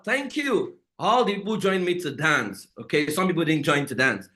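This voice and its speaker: A man's voice: fairly high pitch, expressive, moderate pace, sharp tone. A man hosting a live online family life class, upbeat and repeating his words to rouse the audience. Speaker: session host and family life coach.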